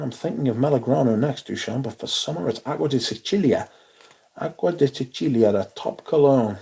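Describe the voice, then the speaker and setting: A man's voice: mid-range voice, creaky, a little mellow, breathy edge. A man hosting a livestream, chatting casually, reading out comments and swearing in exasperated asides. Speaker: livestream host.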